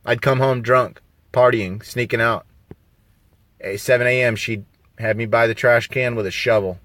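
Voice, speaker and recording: A man's voice: medium pitch, steady tone, normal speed, a bit bright, no echo. Man, live stream monologue, emphatic, rhetorical questions, dry close sound. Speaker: vlogger on a live video. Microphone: phone on a mobile signal.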